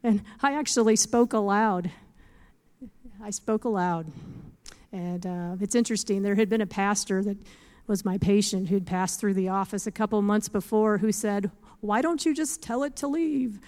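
A woman tells her faith testimony in an earnest, animated way, often breaking into small laughs. Her voice is smooth and clear, at a mid pitch. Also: normal speed. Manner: earnest, animated storytelling with scripture quotes. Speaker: speaker giving a faith testimony. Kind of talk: testimony talk.

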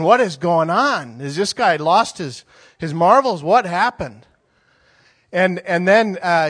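A man in his forties preaching a sermon and telling a story in a conversational, rambling way, with many restarts. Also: high-pitched.

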